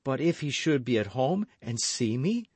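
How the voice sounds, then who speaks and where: A man's voice: medium pitch, very animated, normal speed, darkish tone, slightly rough, no room sound, pitched above the performer's own voice. A man voicing an anxious, frightened young Frenchwoman in an audiobook reading, speaking urgently and pleadingly.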